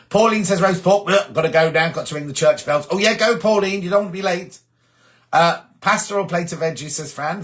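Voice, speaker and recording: A man's voice: a little high, a bit bright. A middle-aged man from England chatting casually on a live stream, reading viewers' comments aloud and answering them. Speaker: host of a sewing live stream.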